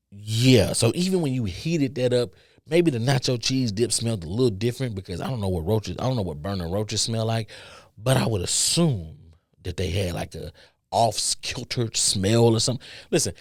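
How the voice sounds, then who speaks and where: A man's voice: on the low side, animated, moderate pace, dry recording, clean studio sound. A man hosting a podcast, telling a story in casual chat that rambles and repeats, with stutters, restarts and free swearing. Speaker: podcast host.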